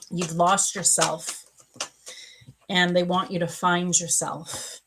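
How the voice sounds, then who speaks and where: Middle-aged lady doing a live psychic reading, slow and soft, kinda low voice, earnest and emotional. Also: background noise. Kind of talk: live-stream reading of viewer questions.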